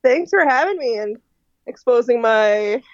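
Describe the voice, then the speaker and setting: A young woman chats as a podcast guest, bubbly and quick to laugh at herself. Her voice is a little high and swings up and down a lot. It is recorded dry and close. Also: animated, no echo, muffled recording. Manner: bubbly, giggly, self-deprecating. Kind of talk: casual podcast chat.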